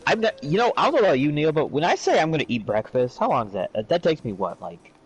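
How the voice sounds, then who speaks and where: A man's voice: on the high side, sing-song, quick pace, breathy edge, poor audio. A man co-hosting a casual livestream chat, teasing his friends and laughing as he talks.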